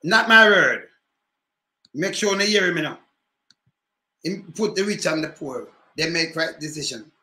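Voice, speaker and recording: High bright Jamaican man ranting. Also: normal speed, reverberant. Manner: animated patois ranting, repeated rhetorical questions. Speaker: commentator. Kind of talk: livestream political commentary.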